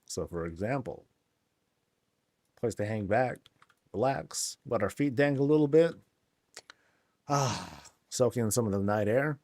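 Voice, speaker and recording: A man's voice: fairly low pitch, expressive, a little slow, pauses often, a little mellow, no room sound, studio quality. A man hosting a casual game tour, laid-back and joking, with lots of slang. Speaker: game channel host.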